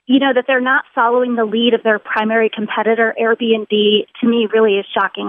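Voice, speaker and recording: A woman's voice: on the high side, dry recording. Earnest woman caller on a phone line. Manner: earnest and aggrieved, builds emphasis through repetition. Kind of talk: telling her story on a call-in show. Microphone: telephone.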